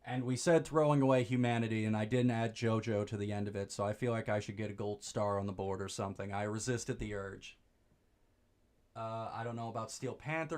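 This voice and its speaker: A young man giving goofy, rambling let's play commentary, breaking into excited high-pitched exclamations. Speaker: streamer.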